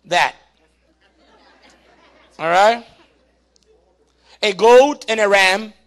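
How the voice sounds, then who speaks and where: A man preaching from the pulpit with a very high, bright, forceful voice. He presses the congregation again and again to pay attention, and he climbs into near-shouts on his key points. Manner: urging the congregation, rising to shouts. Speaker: pastor. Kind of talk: sermon.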